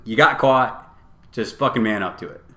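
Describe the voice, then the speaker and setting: A man co-hosting a podcast, telling a tabletop tournament story in a casual, animated and profane way, acting out both sides of the argument. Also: lowish voice, moderate pace. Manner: animated, profane storytelling with quoted back-and-forth. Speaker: podcast co-host. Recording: roomy echo.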